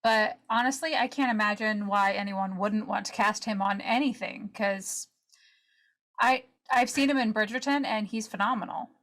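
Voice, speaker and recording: A woman's voice: medium pitch, moderate pace, a bit bright. A woman co-hosting a podcast, talking casually and giving her opinions. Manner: opinionated, conversational. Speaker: podcast co-host. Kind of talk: casual chat.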